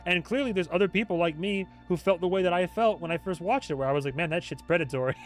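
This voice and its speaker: A man hosting a casual livestream chat as a TV show reviewer, rambling and joking, quick to laugh. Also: high voice, faint music behind. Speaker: YouTube host, TV show reviewer.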